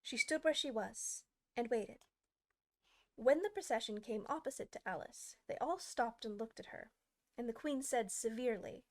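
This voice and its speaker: Casting: female audiobook narrator, expressive storytelling, a touch higher than average. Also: normal speed. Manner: expressive storytelling with varied pacing. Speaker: audiobook reader.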